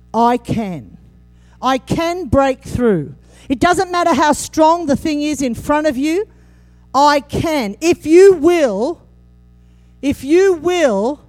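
A woman with a fairly high voice preaches an animated, funny sermon. She acts out scripture quotes, her voice leaping suddenly as she does.

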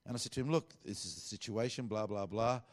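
Middle-aged pastor, lowish voice, chatty sermon storytelling. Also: male voice, quick pace. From Australia. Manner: conversational, animated storytelling with quoted dialogue.

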